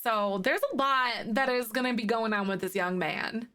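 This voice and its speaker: A young woman plays a game on stream, speaking at normal speed in a high-leaning voice that is sharp, clear and resonant. She chats casually with her audience, reacting to their messages with laughter and fillers.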